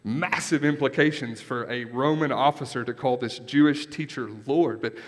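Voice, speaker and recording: A man's voice: mid-range voice, normal speed, big-room sound. A man preaching a sermon in a conversational way, often checking in with his listeners. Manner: conversational, keeps asking "right?". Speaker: pastor.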